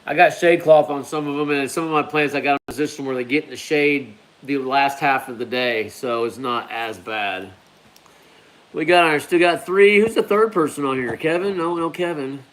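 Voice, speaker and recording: A man's voice: fairly high pitch, moderate pace, fairly bright tone. A man hosting a live stream, talking in a loose, rambling way and calling viewers "man" and "bro". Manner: laid-back, rambling, peppers talk with "man" and "bro". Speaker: hot pepper grower hosting a live stream. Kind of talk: casual live-stream chat.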